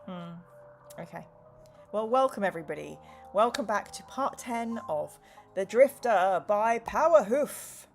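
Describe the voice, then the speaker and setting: A woman's voice: medium pitch, animated, unhurried, soft background music. Lady streamer nattering away over a game, reading out chat, jokey. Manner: chatty, reads chat comments aloud, jokey asides. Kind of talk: casual live-stream chat while gaming.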